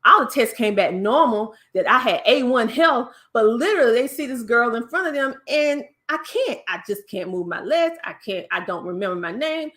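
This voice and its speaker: A woman with a Southern US accent and a country twang, telling her story as a guest in a casual interview, lively and acting out other voices. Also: on the high side, moderate pace, hardly any pauses. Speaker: podcast guest.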